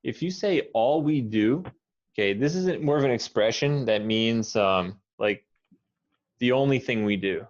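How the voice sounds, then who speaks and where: A man with an American accent, teaching pronunciation and patiently modelling words slowly, one at a time. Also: mid-range voice, animated. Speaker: English teacher. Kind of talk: pronunciation coaching. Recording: dull lo-fi audio.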